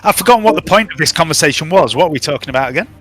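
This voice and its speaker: A man's voice: on the high side, expressive, rapid-fire, a bit bright, faint music behind, low-quality recording. A man running a tabletop game as game master, joking and playfully bossy with his players.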